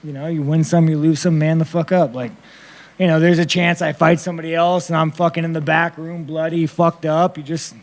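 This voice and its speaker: A man's voice: on the high side, level tone, fairly quick. A man, a fighter at a press conference, answering questions in a blunt, profane, rambling way.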